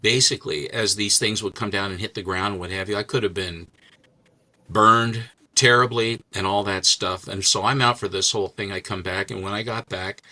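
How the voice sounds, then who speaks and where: A man's voice: on the low side, steady tone, moderate pace, bright, forceful tone. An older man hosting a casual chat, rambling through stories and jokes as he shows comics. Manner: rambling storyteller, chatty and joking. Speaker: host.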